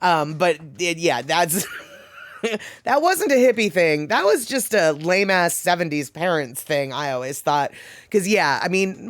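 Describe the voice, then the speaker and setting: This middle-aged streamer chats casually with viewers, drifting from story to story with plenty of laughs and restarts while reading chat. The ordinary mid-pitched voice is a bit bright, close-miked, and dry, with no room sound.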